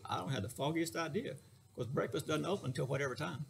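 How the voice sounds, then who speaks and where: A middle-aged man with a fairly high, heavily gravelly voice gives a casual lecture as a therapist. He talks in a folksy, joking way, speaking straight to his listeners. A faint hiss of noise sits under the recording. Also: fast talker.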